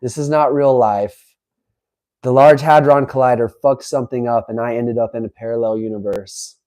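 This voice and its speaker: A man hosting a live stream, chatting casually and reading aloud with incredulous, animated asides. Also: mid-range voice, moderate pace, low-quality recording. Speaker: livestream host. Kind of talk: live-stream reaction chat.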